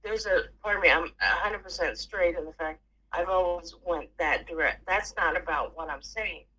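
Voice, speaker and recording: A middle-aged woman chatting casually with family, telling stories with lively swings and the odd curse. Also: lowish voice, normal speed, husky, highs cut off. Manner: animated storyteller who swears freely. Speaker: aunt.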